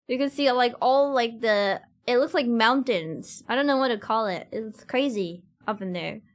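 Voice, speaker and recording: High-voiced woman chatting to her stream. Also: normal speed. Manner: rambling, giggly, many fillers; talks straight to chat. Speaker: cosplay streamer. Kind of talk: casual chat with stream viewers.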